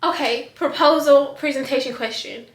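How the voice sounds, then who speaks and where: Excited woman vlogging in an echoey room. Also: high-pitched, moderate pace. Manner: excited, emotional, addresses viewers as y'all. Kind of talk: casual vlog talk to camera. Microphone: camera on desk.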